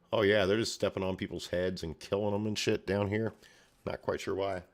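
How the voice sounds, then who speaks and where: Deep-voiced man rambling over a comic. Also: flat delivery, fairly quick. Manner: rambling, with sound effects and asides. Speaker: comic reader and commentator. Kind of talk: casual read-along commentary.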